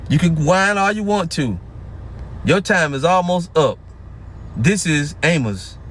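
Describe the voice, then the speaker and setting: A man preaching in a combative, taunting way, slowing down whenever he reads scripture aloud. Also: fairly high pitch, animated, a bit bright, poor audio. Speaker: street preacher.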